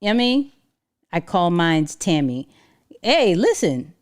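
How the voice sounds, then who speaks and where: A woman hosting a casual livestream, talking in an animated, slangy way and laughing often. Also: lowish voice, unhurried. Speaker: livestream host.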